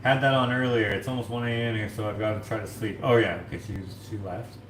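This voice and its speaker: A man with a fairly low voice talks loosely and rambles as he washes dishes on a casual livestream, leaning on "like" and "you know". He sounds roomy, as if recorded in a home kitchen, with faint ambience behind him. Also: steady tone, fast talker, noisy background. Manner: rambling, heavy use of filler words like "like". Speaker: streamer and host. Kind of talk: casual livestream chat while washing dishes.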